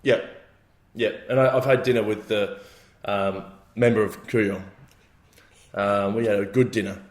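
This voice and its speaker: A man's voice: lowish voice, fairly even intonation, measured pace. Laid-back Australian male co-host, dry humour, roomy sound. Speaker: podcast co-host. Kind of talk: casual comedic chat.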